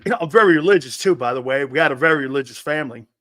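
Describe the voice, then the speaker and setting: Sports talk host, middle-aged man, brash and profane storyteller, high-pitched, sharp tone. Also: animated, racing, dry recording, clean studio sound. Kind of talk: animated sports talk monologue.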